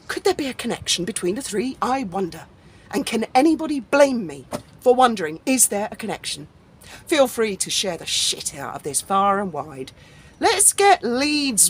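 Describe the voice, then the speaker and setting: A woman's voice: fairly high pitch, slightly rough. A woman vlogging an angry, sarcastic rant, swearing freely and mocking people in an indignant tone. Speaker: YouTube commentator. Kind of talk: angry ranting vlog.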